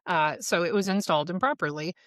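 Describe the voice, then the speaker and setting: A woman in her forties talks candidly on her own podcast, blunt and unafraid to swear. She laughs often as she talks. Her voice sits a little low, and the close mic gives a dry sound with no room around it. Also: fast talker, fairly bright tone, no room sound. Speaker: podcast host. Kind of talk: candid solo podcast monologue.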